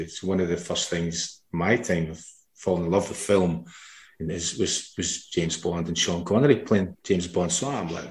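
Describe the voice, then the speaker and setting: A man's voice: low voice, normal speed, roomy sound. A middle-aged man, a podcast host, telling a rambling anecdote in casual chat and laughing along as he goes. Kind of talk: casual storytelling.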